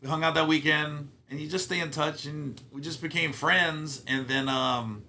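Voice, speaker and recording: Give me a bright, punchy middle-aged man spinning loose, profane show-business stories as a podcast guest. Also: fairly high pitch, moderate pace. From Ohio. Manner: animated, profane, acts out quotes. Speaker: guest comedian. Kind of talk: casual storytelling interview.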